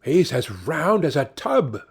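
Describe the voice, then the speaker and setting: A man voicing a proud, haughty young princess in an audiobook fairy tale, raising his pitch for her. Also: sing-song, takes it slowly, gravelly, husky, exaggerated voice. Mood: mocking.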